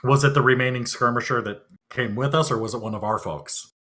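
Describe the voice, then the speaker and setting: A man's voice: mid-range voice, fairly quick, bright, forceful tone. A man playing a tabletop game, talking in a casual, agreeable way.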